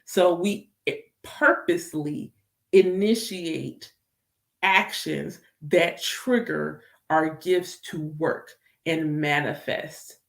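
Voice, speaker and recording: Woman, medium-vlogger, lowish voice, expressive casual chat, roomy echo. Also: extremely slow, gravelly. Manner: animated, emphatic, repeats phrases, laughs easily. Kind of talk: casual spiritual chat to camera.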